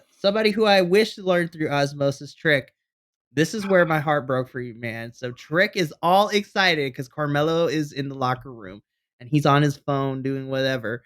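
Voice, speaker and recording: A man's voice: fairly high pitch, normal speed, a bit bright. A man co-hosting a wrestling review podcast, playful and camp, acting out quotes in casual chat. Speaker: podcast co-host.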